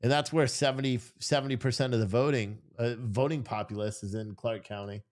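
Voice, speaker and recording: A man's voice: medium pitch, fairly even intonation, a little fast. A tired man hosting a live stream, rambling through casual commentary and swearing freely. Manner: rambling and profane.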